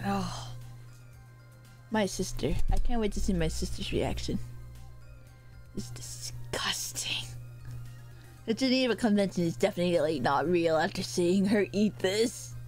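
A woman's voice: medium pitch, normal speed, a little mellow, soft background music. A young woman streaming casually while she eats, joking, swearing now and then and thanking her chat. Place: home, eating on camera.

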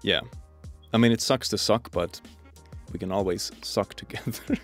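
A man's voice: on the low side, normal speed, a bit bright, faint music behind. A man hosting a casual chat, joking around and laughing a lot. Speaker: YouTube host. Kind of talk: casual chat reading messages.

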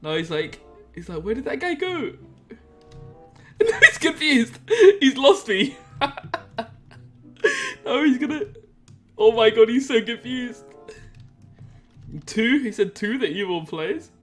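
A young man giving excitable, laugh-filled commentary as he hosts a video of his own game prank. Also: very high voice, slow pace, pauses often. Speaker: Minecraft trolling video host. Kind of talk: casual gameplay commentary. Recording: faint music behind.

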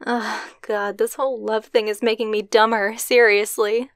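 A young woman voicing a brash, foul-mouthed tsundere girlfriend who swears a lot and turns gruff and embarrassed by turns, in an ASMR roleplay voice message on a close mic. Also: fairly high pitch, level tone, normal speed, no echo, natural voice. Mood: tender.

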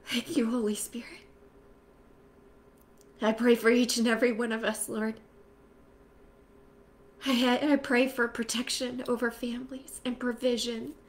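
A woman leading a spoken prayer for a women's group, calling out loudly at times and dropping to a whisper at others. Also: a little high, little pitch movement, normal speed, a little hiss or hum. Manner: swings from loud fervent calls to soft whispered prayer.

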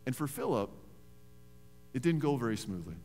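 A man, a pastor preaching a sermon in a church in a conversational, animated storytelling way. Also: medium pitch, moderate pace. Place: church sanctuary. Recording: reverberant church hall.

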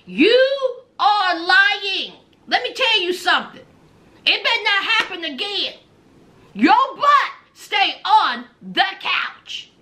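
A woman's voice: very high voice, sing-song, slow pace, sharp tone, full character voice. A woman voicing a stern, traditional mother scolding her grown son.

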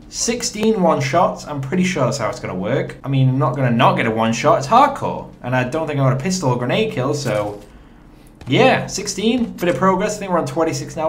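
A chatty young man talks his viewers through his gameplay, his pitch leaping up with excitement and dropping low when he is unsure. His speech is lively and conversational. A faint hiss sits under the desk mic. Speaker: gaming commentator. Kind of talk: gameplay commentary.

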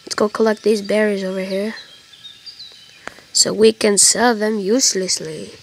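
A woman's voice: mid-range voice, level tone, measured pace, slight background noise. A tired woman giving casual, rambling commentary to viewers while playing a video game, joking as she goes. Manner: rambling, jokey, talks to viewers. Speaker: let's play gamer.

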